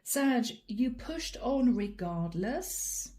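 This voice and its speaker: A woman tarot reader, middle-aged, with a soft, mellow tone that sits a little higher than most. She talks directly to her viewers, coaxing and reassuring them and circling back over the same encouraging phrases. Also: animated, drawn-out words. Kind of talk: channeled tarot reading to camera.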